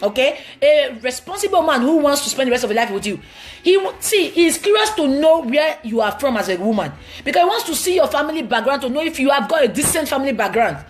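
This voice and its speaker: A woman's voice: sits high, big pitch swings, fast talker. A woman with a Nigerian accent answering viewer questions on a live stream, giving blunt, emphatic, preachy relationship advice.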